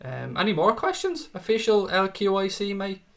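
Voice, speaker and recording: A man's voice: high-pitched, animated, normal speed, creaky, a bit bright. A young Irish man hosting a live stream, reading out viewer comments and answering them bluntly, with plenty of swearing. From Ireland. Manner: blunt, profane, reads out chat comments. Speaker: livestream host. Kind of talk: casual live-chat stream.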